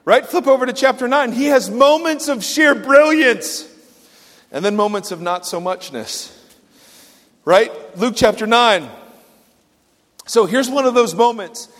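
Man, pastor, sermon, emphatic then hushed, high voice, long hall reverb. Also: animated, measured pace, pauses often. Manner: dynamic, swings from loud emphasis to hushed quoted asides.

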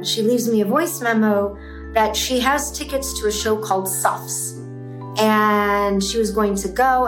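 A woman in her fifties, an entrepreneur guest, telling her story intensely and emphatically, repeating lines for force. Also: mid-range voice. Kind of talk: emotional personal storytelling. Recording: roomy echo with faint music.

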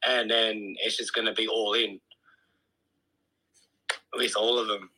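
A man from Australia, calling into a podcast and chatting in a soft-spoken, hesitant way. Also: lowish voice, little pitch movement, slow, poor audio. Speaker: caller. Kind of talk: casual call-in chat.

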